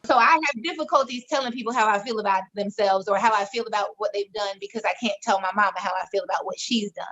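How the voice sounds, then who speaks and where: With crowd noise in the background, a woman in her thirties with a mid-range voice talks fast as she shares a painful personal story during a podcast chat she co-hosts. She is frank, emotional and swears freely, and the lo-fi sound is slightly dull.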